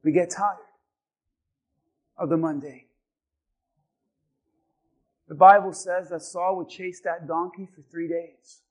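A man preaching a sermon as pastor, telling a story calmly and then building to shouted exhortation. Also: sits high, slow, pauses often.

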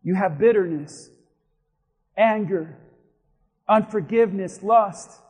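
A male pastor with a very high voice delivers a lively storytelling sermon. He drops to a near hush, then climbs into shouting. The sound carries a long reverb from a large church sanctuary. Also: takes it slowly, husky. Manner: animated storytelling, swings from hushed to shouting.

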